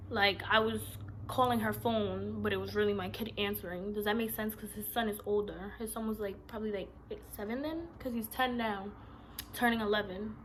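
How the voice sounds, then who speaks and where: A young woman, telling a personal story to her vlog audience in a loud, slangy, animated way. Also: medium pitch, moderate pace, a little hiss or hum. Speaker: vlogger.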